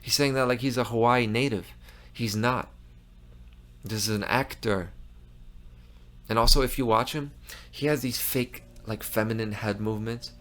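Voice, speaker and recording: A man's voice: mid-range voice, fairly even intonation, moderate pace, fairly bright tone. A man hosting a commentary show, talking in a heated, emphatic way with frequent restarts. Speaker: host. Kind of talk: impassioned commentary monologue.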